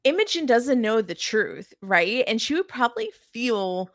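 A woman's voice: a little high, big pitch swings, unhurried, dry recording, clean studio sound. A woman co-hosting a podcast, musing and thinking aloud in casual chat. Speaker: podcast co-host.

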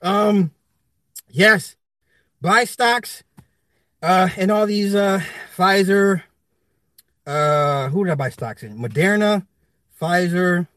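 A man's voice: sits high, animated, slow, long pauses, fairly bright tone, no room sound, studio quality. A man ranting casually to his viewers, profane and rambling, laughing often. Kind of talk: casual rant.

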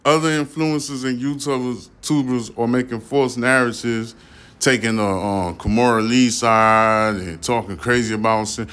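A man's voice: medium pitch, steady tone, moderate pace, fairly bright tone, smooth. A man hosting his own commentary podcast, talking bluntly and profanely in a loose, rambling way, rising to heated rants. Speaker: podcast host.

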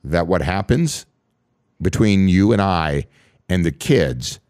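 A man's voice: low voice, animated, slow pace, a little mellow, dry recording, clean studio sound. A middle-aged man co-hosting a podcast, talking casually with many restarts and reassuring interjections. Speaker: podcast co-host. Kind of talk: casual chat.

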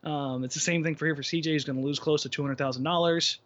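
A man's voice: fairly high pitch, steady tone, fast, fairly bright tone. A man co-hosting a casual basketball podcast, opinionated and rambling, often restarting his sentences. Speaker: podcast co-host. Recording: muffled lo-fi podcast audio.

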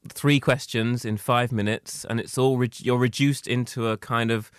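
A man's voice: medium pitch, fairly even intonation, moderate pace, smooth, no echo, studio quality. A man talking as a guest comedian in a casual chat, wry and self-deprecating.

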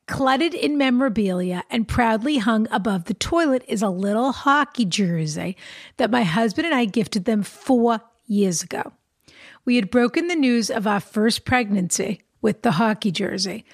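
A woman co-hosting an advice podcast reads a listener's letter aloud and jokes with her partner between lines. Her voice sits a little high and she laughs easily. The sound is dry and close. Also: no echo. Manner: playful, chatty, laughs easily. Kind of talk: casual chat and letter reading.

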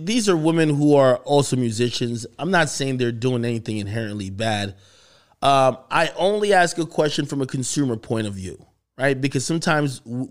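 A man hosting a podcast, giving casual, questioning commentary. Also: medium pitch. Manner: conversational, questioning, animated. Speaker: podcast host.

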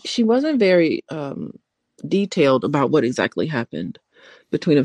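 A woman's voice: deep voice, huge pitch swings, normal speed, a little mellow, dry recording. Thoughtful woman therapist co-hosting. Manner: thoughtful, hesitant with fillers. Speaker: co-host, relationship therapist. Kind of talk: casual live-stream chat.

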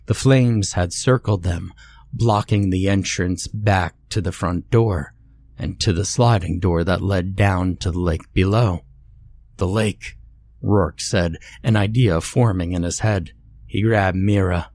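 A man narrating a scary story in a measured, scripted way. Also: low voice, gravelly, darkish tone, no room sound.

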